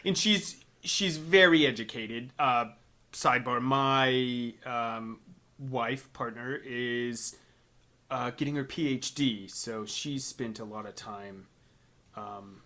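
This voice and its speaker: A young man from the South, co-hosting a casual podcast, animated and quick to laugh, with lots of fillers. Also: medium pitch. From Southern United States. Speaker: podcast co-host. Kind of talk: casual chat.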